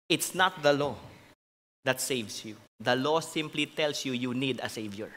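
A man's voice: medium pitch, measured pace, pushed and bright, long reverb tail. A man with a Filipino accent preaching a sermon as pastor, switching between English and Tagalog in a conversational, joking way. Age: adult with a grown son. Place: large church hall.

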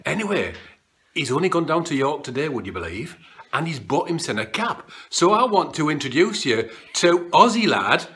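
A man's voice: a little high, very animated, moderate pace, fairly bright tone. A man with a Yorkshire accent hosting his own vlog, chatting casually in broad dialect phrases. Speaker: vlog host. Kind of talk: casual chat.

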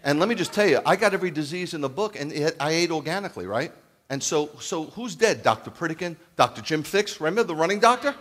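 A man in his fifties preaching as a rabbi, telling stories with jokes and acting out the dialogue in an animated sermon. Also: a little high, fast. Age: 50s. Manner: animated, jokey, acts out quoted dialogue. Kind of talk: humorous storytelling sermon.

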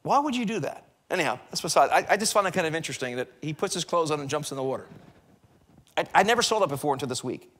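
A middle-aged American man preaching a sermon in a church, animated, swinging between loud bursts and hushed passages. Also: on the high side, quick pace. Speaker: pastor. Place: church sanctuary.

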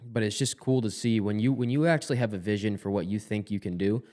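Male podcast co-host, lower pitch, blunt and driven, casual talk with cursing. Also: fast, warm tone. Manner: fired-up, blunt, swears freely. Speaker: podcast co-host, former player and college coach.

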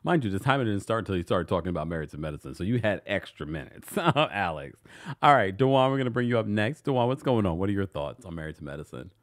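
A man hosting a live call-in stream, easygoing and quick to laugh as he brings callers on. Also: lowish voice, big pitch swings, dry recording, clean studio sound. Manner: easygoing, laughs often, brief back-channel replies. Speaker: live show host.

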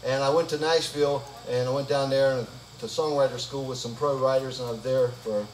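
In a church hall, a gospel singer who also leads the band jokes between songs at his live concert, using folksy stage patter. His mid-range voice stays steady at a fairly quick pace, with guitar music behind him. The distant, roomy hall recording has a little hiss or hum.

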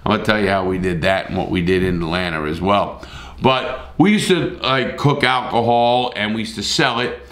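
A man's voice: lowish voice, normal speed, a bit bright, reverberant. A middle-aged man telling a story in a blunt, profane, casual way, with repeated starts.

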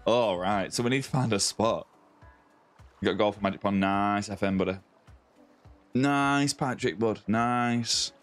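Australian man, low voice, easygoing streamer. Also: measured pace, pauses often, faint music behind. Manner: friendly, greets viewers by name, calls them mate and buddy. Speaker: game streamer. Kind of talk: casual live-stream chat reading viewer comments. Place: home streaming setup with a ring light.

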